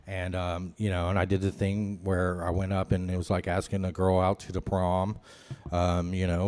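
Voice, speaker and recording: A man's voice: low voice, flat delivery, a little fast, a little mellow. A man telling his recovery story at a meeting, candid and rambling, with many "you know" fillers. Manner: candid, self-mocking. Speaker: AA speaker.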